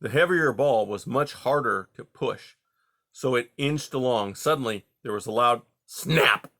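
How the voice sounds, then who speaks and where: Man reading a storybook, bright gravelly voice. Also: medium pitch. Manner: steady, measured reading. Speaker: audiobook reader. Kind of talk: storybook narration.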